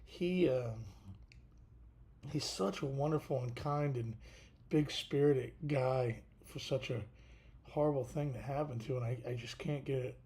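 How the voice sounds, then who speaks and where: A tired man hosting a casual livestream, talking haltingly with many fillers and restarts. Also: medium pitch, darkish tone. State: tired, yawning. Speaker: podcast host.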